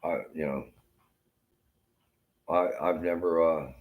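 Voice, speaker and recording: A man with a very low, deep voice delivers a rambling, bitter rant full of swearing. He sounds like he is hurting and feeling unwell as he talks to the camera. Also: fairly even intonation, slow, narrow, tinny audio.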